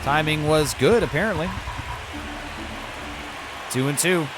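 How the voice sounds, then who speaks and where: A man's voice: a little high, a little slow, loud music behind the voice. A man commentating his own video game baseball season, switching between broadcaster-style calls and muttered asides. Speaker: gaming YouTuber.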